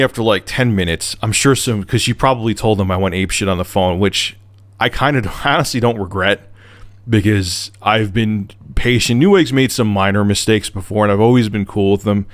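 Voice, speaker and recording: A man's voice: on the low side, normal speed, no echo. A man in a heated, profane rant, telling a frustrating customer service story to camera. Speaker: video blogger.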